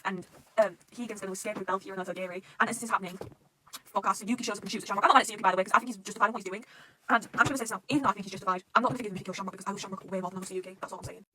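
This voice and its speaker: A young woman, recapping a manga arc in casual talk, swearing often and acting out the characters' lines with big bursts of excitement. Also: mid-range voice, very fast, a little hiss or hum. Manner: excitable, swears a lot, acts out quotes. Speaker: manga reaction host. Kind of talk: casual fan reaction monologue.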